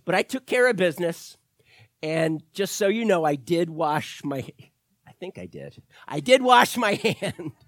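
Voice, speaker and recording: Animated male pastor telling a story. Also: sits high, a little slow, dry recording, clean studio sound. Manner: storytelling with animated quoted voices, rising and loud at peaks. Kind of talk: sermon.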